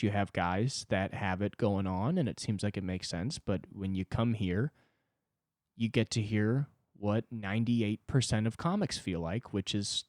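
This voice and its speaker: A man in his twenties hosting a solo comedy podcast, talking self-deprecatingly and swinging between loud outbursts and low muttering. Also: no room sound, clean studio sound. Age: 20s. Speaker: podcast host.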